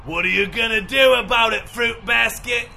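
An actor playing a rowdy, foul-mouthed soccer hooligan heckling a kids' game, with a gravelly, bellowing voice. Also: male voice, extremely high pitch, moderate pace, sharp tone, exaggerated voice.

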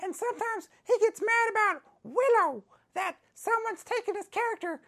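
Brief: woman playing a ranting male tough-guy wrestler, voice pitched extremely high and squeaky, comedy sketch. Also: a bit bright. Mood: angry. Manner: ranting, repeats lines, slow heavy emphasis.

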